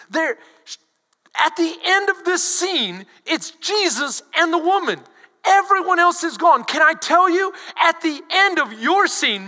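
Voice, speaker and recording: High-pitched bright-voiced man preaching. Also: long reverb tail. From Texas. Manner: animated preaching, swings between loud emphasis and soft asides. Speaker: pastor. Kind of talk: sermon.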